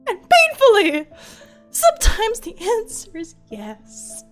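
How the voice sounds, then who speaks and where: A woman VTuber chatting casually on stream, rambling and animated, full of fillers and restarts. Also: very high-pitched, takes it slowly, faint music behind.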